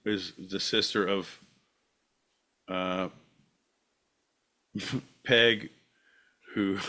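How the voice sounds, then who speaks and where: A man's voice: on the low side, pushed and bright. A man hosting a podcast in casual comedic chat, rambling and joking. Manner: rambling, jokey, bursts into silly voices. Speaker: podcast host.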